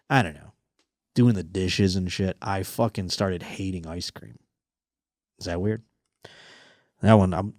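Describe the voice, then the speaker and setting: Crude, animated male podcast host. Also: on the low side, no room sound, studio quality. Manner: crude, animated, mocking, swears constantly. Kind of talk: casual comedic chat.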